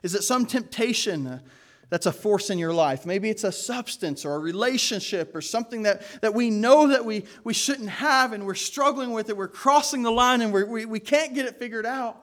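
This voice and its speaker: A man's voice: high voice, normal speed, a bit bright. A man preaching a sermon as pastor, earnest and emphatic, with casual asides to the congregation.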